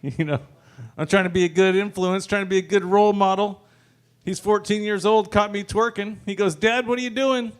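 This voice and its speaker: High-voiced man doing stand-up. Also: flat delivery, brisk, clean tone. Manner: loose, joking, swearing, chuckles between lines. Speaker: stand-up comedian and open mic host. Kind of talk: stand-up comedy set. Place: brewery open mic stage.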